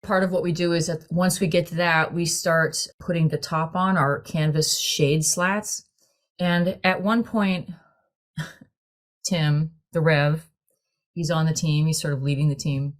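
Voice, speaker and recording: A woman with a low voice tells a story to a small group in conversation. She is animated and laughs often as she goes. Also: a little slow. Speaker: choir director.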